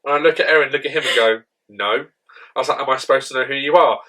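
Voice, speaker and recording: Young male podcast co-host, bright tense tone, chatty rambling storyteller. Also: medium pitch, quick pace, low-quality recording. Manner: rambling, heavy use of "like", animated retelling. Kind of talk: casual storytelling chat.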